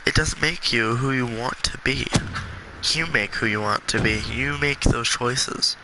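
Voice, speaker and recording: A congested man talking earnestly and with passion in a gaming vlog, with halting restarts. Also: medium pitch, background noise. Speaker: gaming video creator.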